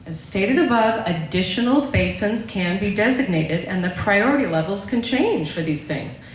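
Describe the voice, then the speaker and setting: A woman's voice: mid-range voice, animated, normal speed. Woman presenting in a very echoey room. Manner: explanatory, keeps checking in with "okay?". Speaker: local speaker presenting on a ballot measure. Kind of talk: prepared public talk read from notes. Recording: very echoey room with faint background noise.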